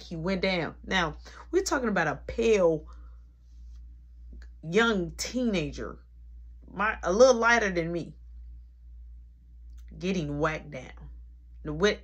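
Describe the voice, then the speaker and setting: A young adult woman telling a personal story in an animated, dramatic, slangy way. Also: mid-range voice, breathy edge. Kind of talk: casual storytime.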